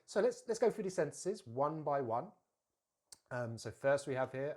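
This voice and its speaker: Man teaching pronunciation, deliberate and clear. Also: mid-range voice, lively intonation, a little mellow. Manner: slow, deliberate modelling of words with drills to repeat; explains plainly with frequent fillers and restarts. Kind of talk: pronunciation lesson.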